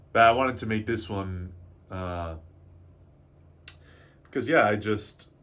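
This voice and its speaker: A man's voice: fairly low pitch, drawn-out words, fairly bright tone. Emotional rambling man in his twenties. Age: 20s. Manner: emotional, rambling, self-doubting, swears casually. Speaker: artist vlogger. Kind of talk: candid confessional vlog. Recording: faint background noise.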